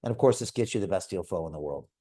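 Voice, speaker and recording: Talking very fast, a man in his fifties pitches to his crypto investment club on a group video call with direct, energetic motivation. He constantly refers to his listeners as folks.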